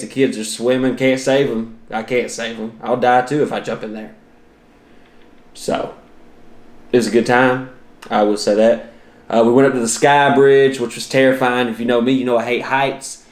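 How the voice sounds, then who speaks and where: Brief: male comic, 30s, mid-pitched, crude and self-deprecating, roomy sound. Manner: profane, exaggerated, self-mocking. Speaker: podcast host and comedian. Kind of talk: comedic storytelling monologue.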